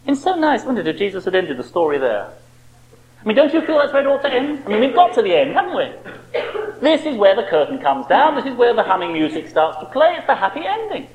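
A man's voice: sits high, wildly swooping pitch, quick pace, muffled recording, a crowd in the background. A man preaching a sermon with impassioned rhetorical questions.

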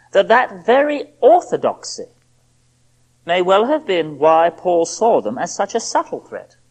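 A woman preaching an expository sermon, reasoning aloud in a measured way and voicing the apostle's pleas with feeling. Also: medium pitch.

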